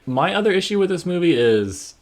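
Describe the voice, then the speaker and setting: A man's voice: high voice, sing-song, a little fast, a little mellow. A man co-hosting a podcast, talking in an opinionated, rambling casual chat. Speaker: podcast co-host.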